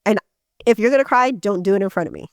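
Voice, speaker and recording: A middle-aged woman co-hosts a relaxed podcast conversation, talking emphatically and circling back on herself with restarts. Her voice sits at an ordinary pitch for a woman. The sound is close and dry, with no room echo. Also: quick pace. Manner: emphatic, many restarts and fillers. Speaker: podcast co-host. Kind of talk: casual chat.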